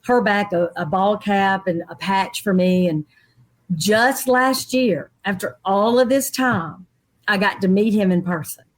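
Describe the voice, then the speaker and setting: A middle-aged woman, a guest in an interview, telling a personal story in a lively way and acting out other people's voices. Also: medium pitch, measured pace. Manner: animated, acts out quoted people's voices.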